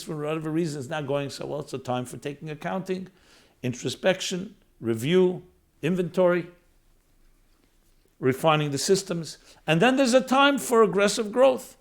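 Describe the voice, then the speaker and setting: A man's voice: a little high, moderate pace. A man giving a reflective spiritual talk as a rabbi, building his points in strings of short phrases that rise and fall in emphasis. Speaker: rabbi, lecturer.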